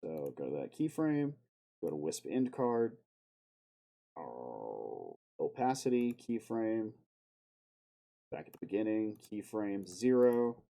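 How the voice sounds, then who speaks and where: This man's voice is on the low side and dark-toned, with vocal fry; he's very animated yet takes his time and pauses often. While streaming live, he talks to himself as he edits a video, swearing a lot and breaking into abrupt outbursts.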